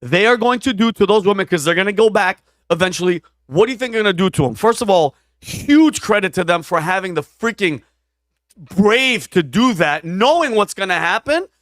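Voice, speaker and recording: A man's voice: high voice, expressive, moderate pace, fairly bright tone, no echo. A man co-hosting a podcast, talking emphatically and repeating his points. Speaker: podcast co-host. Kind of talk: podcast discussion.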